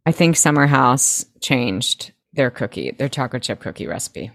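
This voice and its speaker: A young woman co-hosting a podcast, chatting in a laid-back way and telling quick anecdotes with casual swearing. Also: a bass voice, very animated, creaky, a bit bright, dry recording, clean studio sound. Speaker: podcast co-host. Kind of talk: casual chat.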